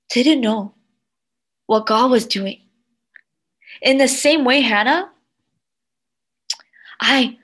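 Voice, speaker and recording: Slow, high-voiced woman preaching. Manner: slow and heartfelt, dropping to soft near-whispers. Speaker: children's pastor. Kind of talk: sermon with personal testimony.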